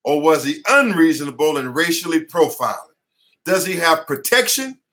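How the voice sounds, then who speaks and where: A man's voice: fairly high pitch, big pitch swings, moderate pace, fairly bright tone. A man who is an attorney, giving an impassioned online class lecture from his headquarters, fiery and preacher-like, repeating phrases for emphasis, sweating as he talks. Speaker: attorney and teacher.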